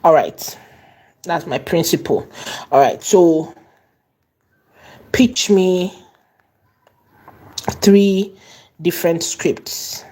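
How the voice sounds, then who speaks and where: A woman teaching an online course, repeating and stressing key words and slowing down as she dictates. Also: fairly low pitch, mellow. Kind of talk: tutorial lesson.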